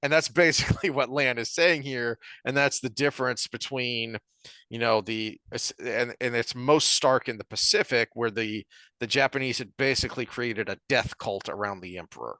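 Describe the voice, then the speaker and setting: Bright, crisp-sounding man discussing a book. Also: medium pitch, no room sound. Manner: halting, reads passages aloud, many restarts. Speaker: podcast co-host.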